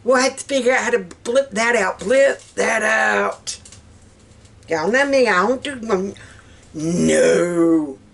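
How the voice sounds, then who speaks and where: A woman with a Southern US accent chatting casually in her home kitchen for a vlog, folksy and quick to laugh. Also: on the high side, a bit bright. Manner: folksy, laughs often while talking. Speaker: vlogger.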